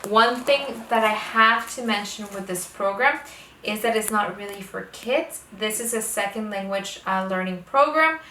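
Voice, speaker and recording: A homeschooling mother explaining how she teaches her children to read, speaking slowly and stretching out the letter sounds. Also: mid-range voice, bright, forceful tone, a little hiss or hum. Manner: slow, deliberate, exaggerates phonics sounds. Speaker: homeschooling parent teaching reading. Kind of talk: instructional talk to camera. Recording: echoey room, voice a bit far from mic.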